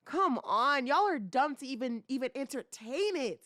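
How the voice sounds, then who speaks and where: A young woman hosting a casual commentary podcast, talking in slangy, animated bursts full of rhetorical questions and teasing. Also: high-pitched, normal speed, few pauses, no room sound, clean studio sound. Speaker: podcast host.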